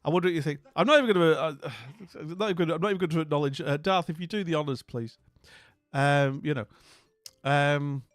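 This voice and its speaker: A man's voice: fairly high pitch, a little fast, no room sound. A middle-aged man with a Scottish accent hosting a livestream, chatting casually, telling a story and reading chat aloud. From Scotland. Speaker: livestream host.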